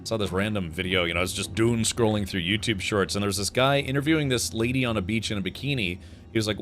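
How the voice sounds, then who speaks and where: A man's voice: fairly low pitch, fast, fairly bright tone, faint music behind. A man streaming a game, chatting with his viewers in a rambling, joking way with frequent chuckles. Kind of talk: casual gameplay commentary.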